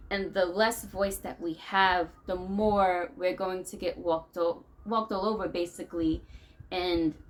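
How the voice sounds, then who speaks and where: A woman's voice: medium pitch, poor audio. An American woman vlogging, talking her thoughts through in a loose, rambling way. Her tone is conversational and unscripted, the kind of venting talk that circles back on itself. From United States. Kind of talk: venting monologue.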